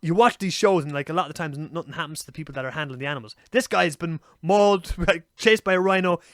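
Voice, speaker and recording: A young Irish man with a fairly high voice rattles through stories at a rapid clip, cursing as he goes. The sound is close and dry. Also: dry recording. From Ireland. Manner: animated storyteller, swears freely. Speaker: podcast co-host. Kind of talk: casual chat.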